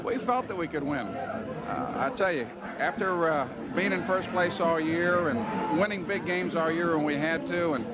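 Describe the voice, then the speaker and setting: Winning team manager, earnest, halting, slightly high voice, loud crowd behind. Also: male voice, rough recording. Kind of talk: post-game interview. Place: crowded clubhouse celebration.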